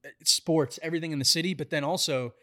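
A man from New York co-hosting a casual podcast chat, upbeat and quick to agree. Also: fairly high pitch, fairly even intonation, pushed and bright. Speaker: podcast co-host.

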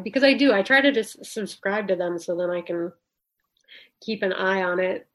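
A woman chatting as a podcast guest, relaxed and loose, with a lot of "like" between her words. Her voice sits at an ordinary pitch. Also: normal speed. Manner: casual, many "like" fillers, laughs easily. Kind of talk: casual interview chat.

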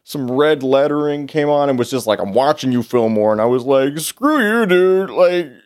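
A man playing a tabletop game, talking casually in a blunt, animated way. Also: medium pitch, moderate pace. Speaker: player.

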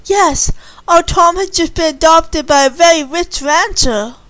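A woman's voice: very high-pitched, unhurried, a bit bright, no echo, pitched above the performer's own voice. A woman voicing a stern elderly woman who runs an orphanage, in a storybook reading, with a firm, scolding tone.

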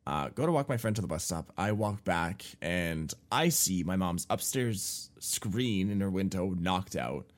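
Deep-voiced man, podcast co-host, casual rambling storytelling, lots of fillers and swearing, bursts of animated loudness. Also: unhurried, few pauses. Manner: gets loud and animated retelling shock.

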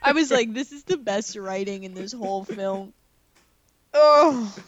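A woman's voice: mid-range voice, measured pace, no room sound, dull audio. A woman co-hosting a podcast, recapping a movie in playful, giggly casual chat. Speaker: podcast co-host.

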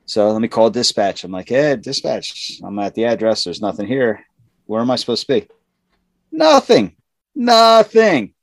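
His voice sits fairly low and he talks fairly quickly, recorded with no echo. Casually chatting, he spins a profane work anecdote, impersonating the people involved and belting out their words.

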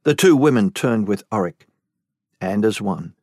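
A man narrating a fantasy novel audiobook in a measured, deliberate storytelling manner. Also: on the low side, animated, darkish tone, no room sound, clean studio sound. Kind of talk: scripted narration.

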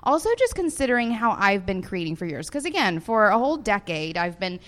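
A woman's voice: mid-range voice, sing-song, brisk. A woman with a Southern US accent co-hosting a podcast, chatting casually and laughing often in front of a live audience. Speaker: podcast co-host.

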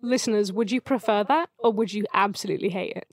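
A woman's voice: mid-range voice, quick pace, dry recording. A young woman co-hosting a podcast, teasing and playful in casual chat. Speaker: podcast co-host.

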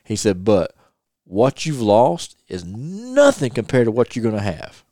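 A man's voice: lowish voice, huge pitch swings, a little slow, mellow, no room sound, clean studio sound. A middle-aged man from North Carolina, a podcast host earnestly telling a personal story and retelling advice he got. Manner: earnest, repeats himself, quotes advice at length. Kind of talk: casual chat, personal storytelling.

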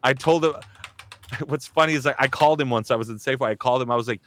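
A man's voice: medium pitch, fast talker, fairly bright tone, slight background noise. A man hosting a casual chat, rambling with constant fillers and restarts. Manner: rambling, heavy use of "like", restarts. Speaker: host, voice actor.

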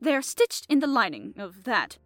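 A woman voicing a shrill, cornered young woman. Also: wildly swooping pitch, normal speed, no echo, soft background music. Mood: alarmed. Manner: shrill, frightened.

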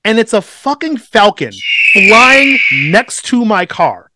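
Animated, swearing man telling a story. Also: high-pitched, slow, heavy background noise. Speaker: podcast co-host. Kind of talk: casual storytelling chat.

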